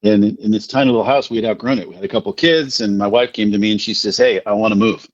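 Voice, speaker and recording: A man's voice: on the low side, very fast, no echo. A middle-aged man from New Jersey, telling long rambling stories with self-deprecating humor as a podcast guest. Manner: rambling, animated anecdotes with self-deprecating laughs. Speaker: podcast guest, recovery speaker. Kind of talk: casual storytelling. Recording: dry, dull lo-fi audio.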